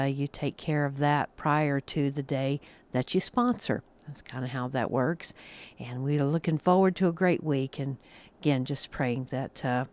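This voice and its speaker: A man's voice: a little high, clean tone. A man hosting a casual radio show, folksy and chatty, with frequent fillers. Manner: folksy, chuckling, filler-heavy. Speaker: radio host.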